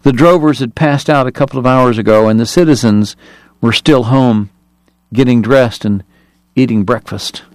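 A male narrator reading a novel aloud in a measured, even way. His voice sits in an ordinary middle register, recorded very dry and close with no room sound. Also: medium pitch, smooth, no room sound. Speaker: audiobook narrator. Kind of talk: scripted narration.

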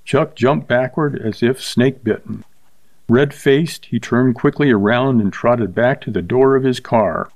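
A man reading a short story aloud with steady, measured narration. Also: medium pitch, no echo.

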